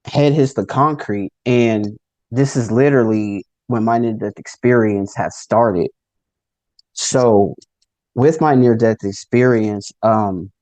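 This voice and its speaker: Mellow-voiced man telling his story. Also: fairly low pitch, dry recording. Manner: loose storytelling with many fillers and acted quotes. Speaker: near-death experience speaker. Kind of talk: casual personal testimony.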